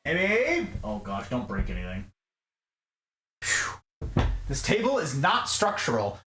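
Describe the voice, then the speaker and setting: Young male streamer, jokey and animated, voice bouncing around an echoey room. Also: fairly high pitch. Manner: playful, jokey, greets chat by name. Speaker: livestream host. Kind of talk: casual livestream chat while doing chores. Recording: echoey room with music underneath.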